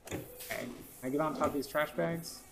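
A man's voice: on the high side, fairly even intonation, fairly quick, noisy background. A man giving casual gameplay commentary, rambling with lots of fillers and restarts, often frustrated. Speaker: gaming video host.

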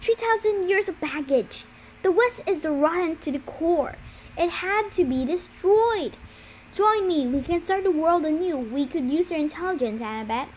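A woman reading a storybook aloud and voicing a smooth, persuasive young villain in close to her own voice. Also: very high-pitched, lively intonation, moderate pace, a little mellow, slight background noise, pitched above the performer's own voice.

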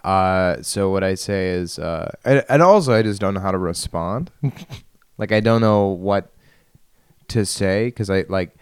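A man's voice: deep voice, measured pace, clear, resonant tone, no echo, studio quality. A young man in his twenties, from Michigan, hosting a solo podcast from his bedroom, rambling with frequent laughs and self-deprecating asides. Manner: self-deprecating, laughs often, trails off and restarts. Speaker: podcast host. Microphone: studio microphone at a computer.

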